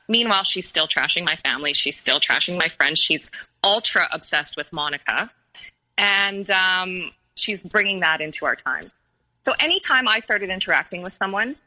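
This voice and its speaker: A woman's voice: medium pitch, pushed and bright, poor audio. A woman recounting a painful personal story in an interview, hesitant and full of fillers and restarts. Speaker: guest telling her story.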